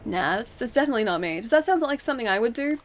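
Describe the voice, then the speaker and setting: A woman game streamer talks in a fairly high, bright voice, full of giggles and loose tangents. She chats casually with her viewers from home, with a faint hum behind her. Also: animated, racing. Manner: giggly, chatty, rambling. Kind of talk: casual live-stream chat. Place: home, wrapped in a blanket.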